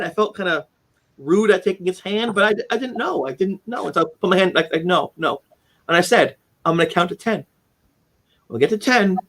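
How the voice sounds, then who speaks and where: A man telling a personal story as an interview guest, acting out quoted lines with sudden jumps in voice and frequent restarts. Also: fairly high pitch. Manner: animated storyteller, acts out quotes, many restarts.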